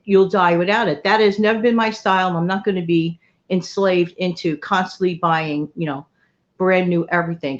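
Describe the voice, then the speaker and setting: A middle-aged New York City woman hosts a vlog, telling stories in a chatty, rambling monologue and laughing often. Her voice is lowish, and the recording's highs are cut off.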